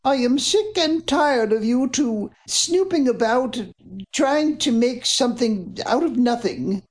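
Young aristocratic woman, high quavering voice, indignant, storybook reading, narrator-voiced. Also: expressive, slow. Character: young woman, proud aristocratic heiress, frightened but defiant.

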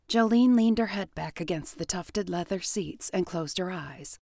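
A woman reading a period novel aloud in calm, even audiobook narration. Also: mid-range voice, vocal fry, no echo, studio quality.

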